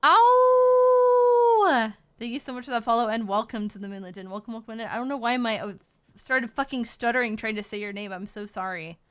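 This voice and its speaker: A woman's voice: fairly high pitch, fast, a bit bright, clean tone. A woman chatting casually with viewers on a game livestream, sounding tired and greeting each person by name. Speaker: streamer.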